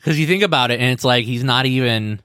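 A man's voice: mid-range voice, fast, fairly bright tone, clean tone, dry recording, clean studio sound. A man co-hosting a podcast, asking curious questions and reacting in casual chat. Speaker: podcast co-host.

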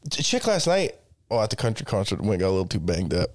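Profane, animated man joking on a podcast. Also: lowish voice, fast. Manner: crude, profanity-heavy joking banter. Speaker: podcast co-host. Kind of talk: casual chat.

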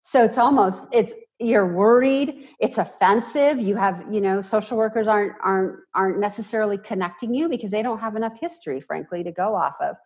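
A woman's voice: medium pitch, a little fast, few pauses, darkish tone. Earnest woman guest, dull-sounding recording. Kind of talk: emotional personal interview talk.

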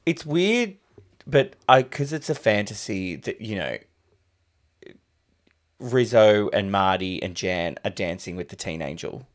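A man co-hosting a casual movie review podcast, chiming in with quick agreements and playful asides. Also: lowish voice, animated. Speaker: podcast co-host.

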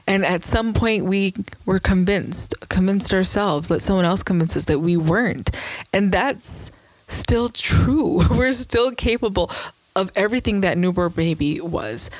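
A woman's voice: mid-range voice, unhurried, rough recording. Earnest woman hosting a faith talk. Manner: earnest and reflective, with rhetorical questions. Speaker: podcast co-host. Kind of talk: faith podcast conversation.

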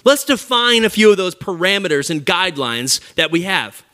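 A man's voice: sits high, very animated, normal speed, pushed and bright, heavily acted. A man voicing God, casual and reasoning. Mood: firm. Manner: plain-spoken, reasoning, casual. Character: God as a firm, patient male father figure.

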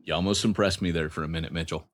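Deep-voiced joking podcast co-host, man. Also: steady tone, rapid-fire, no room sound. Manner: joking, rambling storyteller. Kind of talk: casual banter.

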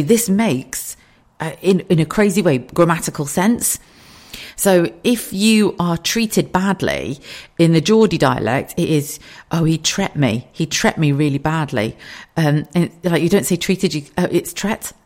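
A woman in her thirties from the UK, hosting a casual solo podcast from her kitchen, chatty and candid with frequent swearing and asides. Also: sits low. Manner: chatty, swears freely, animated asides and laughs. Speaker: podcast host. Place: home kitchen.

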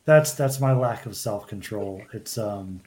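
Halting man chatting about games. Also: fairly low pitch, a little mellow. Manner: halting, many restarts and fillers. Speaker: podcast host. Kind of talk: casual chat.

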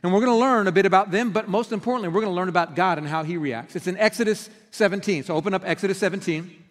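A middle-aged pastor giving a conversational sermon, telling stories and acting out quoted outbursts. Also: male voice, sits high, fast. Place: church sanctuary. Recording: long hall reverb.

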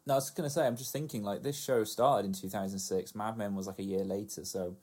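A man with a fairly low, mellow voice talks casually about a sitcom. He is agreeable and laughs easily, often drifting into asides. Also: fairly even intonation, fast talker. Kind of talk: casual chat about a TV show.

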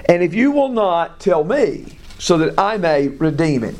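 High-voiced man teaching a slow Bible class. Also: very animated, darkish tone. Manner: thinking aloud, repeats key points.

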